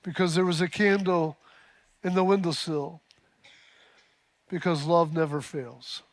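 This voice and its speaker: A male pastor with a high-pitched voice delivers a sermon. He tells a story with frequent fillers and restarts, then builds to loud, emphatic peaks. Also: measured pace.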